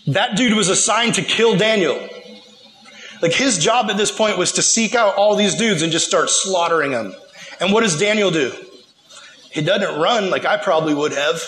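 A man preaching a relaxed, slangy sermon, with a high voice and a bright, forceful edge. He tells the story with lively, animated energy. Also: rough recording.

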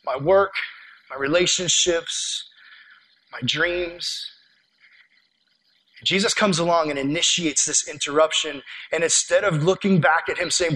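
A man with a notably high voice delivers a sermon as a pastor. He talks in an earnest, conversational way, like telling a story to friends. His voice sinks low and quiet when he makes a point. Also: measured pace, long pauses, rough recording.

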